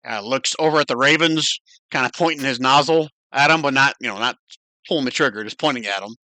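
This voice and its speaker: A man runs a tabletop game, talking rules through in a relaxed way. His voice is bright and recorded dry and close. He narrates and answers players calmly. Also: mid-range voice, fast, no room sound. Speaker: game master.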